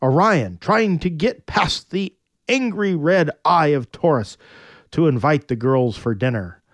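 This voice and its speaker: A man narrating a myth in a playful, very animated storytelling manner. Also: on the high side, measured pace, dry recording.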